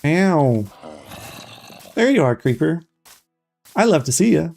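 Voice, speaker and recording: A streamer giving excitable, chatty live gameplay commentary and talking straight to the viewers. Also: mid-range voice, slow, creaky, over music.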